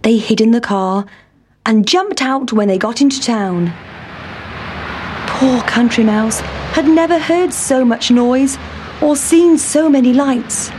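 A woman reading a children's storybook aloud in a gentle, expressive way. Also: a little high, takes it slowly, noisy background.

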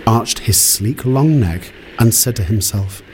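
A man reading a fairy tale aloud in an expressive storybook manner, with faint noise behind. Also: fairly low pitch, a little slow. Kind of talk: storybook narration.

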